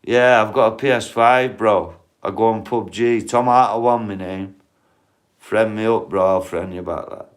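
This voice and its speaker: Bloke on a livestream, swears a lot, chats to viewers by name, lowish voice. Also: male voice, moderate pace. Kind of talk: casual livestream chat.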